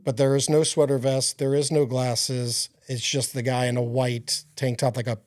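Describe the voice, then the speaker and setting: Man, podcast guest, earnest rambling testimony, fillers and restarts, mid-pitched voice, dry close sound. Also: flat delivery, moderate pace, a little mellow, no room sound. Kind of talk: personal faith testimony in conversation.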